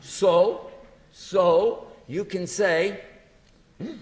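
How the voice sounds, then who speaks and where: A man giving a religious lecture to an audience, telling stories in a lively way and acting out small dialogues. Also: medium pitch, moderate pace, slight background noise. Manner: animated storytelling, acting out little dialogues. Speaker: Islamic lecturer. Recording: long hall reverb.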